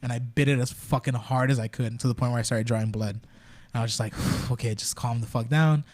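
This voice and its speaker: A man's voice: medium pitch, flat delivery, fast talker, a little mellow, dry recording. A young man talking casually on a podcast, telling a rambling, profane story full of fillers. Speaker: podcast guest. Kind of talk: casual chat.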